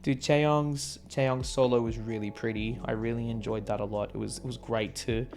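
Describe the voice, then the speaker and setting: A man giving an excitable, slangy concert recap, swearing and laughing as he talks. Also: mid-range voice, normal speed. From Australia. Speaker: vlogger.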